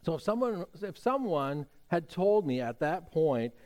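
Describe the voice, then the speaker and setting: Pastor preaching in a chatty, storytelling way. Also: male voice, on the high side, sing-song, a little slow, darkish tone. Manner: conversational storytelling with frequent fillers and restarts. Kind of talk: sermon.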